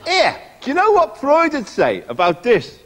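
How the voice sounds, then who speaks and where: An actor playing a self-pitying middle-aged warm-up comedian, rambling through his patter in a TV sketch comedy. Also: very high-pitched, huge pitch swings, normal speed, over music, exaggerated voice.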